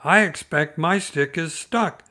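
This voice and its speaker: A man voicing an excitable little boy kangaroo in a bedtime storybook reading, eager and chattering. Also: a little high, measured pace. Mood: excited.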